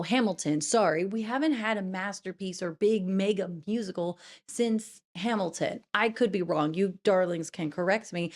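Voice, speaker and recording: Woman theater vlogger, chatty, keeps apologizing for her opinions, mid-pitched voice. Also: darkish tone. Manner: chatty, apologetic, addresses viewers as darlings. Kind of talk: casual reaction commentary.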